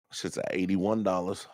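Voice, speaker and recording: A young man co-hosting a casual morning talk show, telling stories with profane, animated banter. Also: no echo, clean studio sound. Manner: animated storytelling, jumps high when quoting himself. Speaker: co-host.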